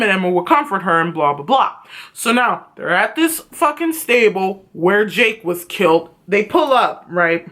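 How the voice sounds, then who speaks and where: A woman's voice: mid-range voice, fairly bright tone. A woman recapping a TV series in a casual vlog. She talks in a profane, outspoken, gossipy way and speaks straight to her viewers. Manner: gossipy storytelling that addresses viewers directly. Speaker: TV series reviewer.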